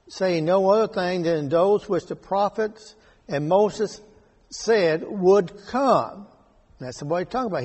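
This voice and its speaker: A man leading a Bible study, reading verses and explaining them slowly and deliberately. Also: sits high, darkish tone, breathy edge. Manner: slow and deliberate, rereading scripture verses aloud. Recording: echoey hall with long reverb.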